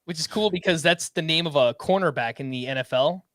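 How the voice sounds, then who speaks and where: A man co-hosting a sports podcast in casual chat, animated as he reads out listener submissions. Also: on the high side, brisk, a little hiss or hum. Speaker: fantasy baseball podcast co-host.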